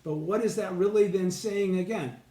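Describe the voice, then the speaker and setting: A man leading a casual group study session, explaining a text and checking understanding with "okay?" and "right?". He sounds congested and keeps clearing his throat. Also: sits high, moderate pace, mellow, echoey room.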